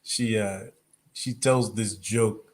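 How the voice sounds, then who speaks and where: A man's voice: on the low side, fairly even intonation, slow. A man co-hosting a casual podcast chat, who often hesitates and searches for words. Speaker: podcast co-host.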